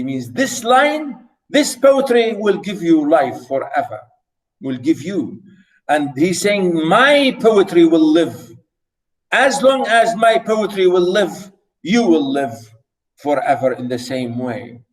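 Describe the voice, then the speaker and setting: High-voiced, unhurried man lecturing on poetry. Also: big pitch swings, recorded from a distance, rough recording. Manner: enthusiastic, reads verse slowly and emphatically; repeats words and phrases for emphasis. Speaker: literature lecturer.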